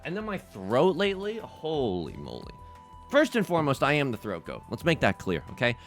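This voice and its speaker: Man, let's play host, sore throat, excitable, self-mocking, lively swooping pitch, faint music under him. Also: brisk, gravelly. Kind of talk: casual gameplay commentary.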